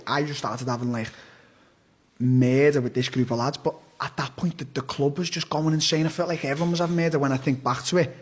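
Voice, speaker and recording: A young man with a medium-pitched, slightly breathy voice tells a story as a podcast guest. His casual storytelling rambles and is blunt, with frequent swearing and sentences he keeps restarting.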